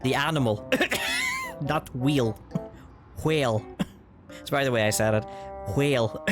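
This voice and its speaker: Male streamer, rambling gaming chat, quick talker, lively swooping pitch, game music playing behind. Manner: fast, rambling, laughs often. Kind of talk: casual gaming livestream commentary.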